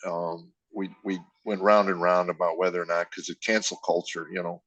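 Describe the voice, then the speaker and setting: An older man in a dry, close podcast recording, talking with raw candor about his past. His voice sits low, and he drops into the people he quotes as he tells the story. He sounds emotional and unguarded. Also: flat delivery, moderate pace, a bit bright, no echo, low-quality recording. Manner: emotional, confessional, acts out quoted dialogue. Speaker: comedian guest. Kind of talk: candid personal storytelling.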